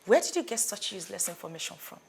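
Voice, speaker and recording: An actress playing a scheming young woman who speaks in a sharp, confrontational way. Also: mid-range voice, big pitch swings, fast, gravelly. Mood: scornful. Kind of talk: film drama acting.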